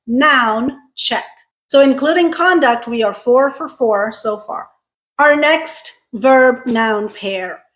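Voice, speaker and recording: Female teacher, fairly high voice, unhurried, precise enunciation with exaggerated stress on syllables. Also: fairly bright tone, poor audio. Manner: slow, carefully enunciated, stressing syllables for contrast. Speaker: English pronunciation teacher. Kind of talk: scripted teaching.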